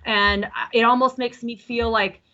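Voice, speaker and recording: A woman's voice: on the high side, steady tone, moderate pace, bright, forceful tone, lo-fi sound. A woman giving live psychic readings to callers, chatty and rambling, often correcting herself. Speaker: psychic reader.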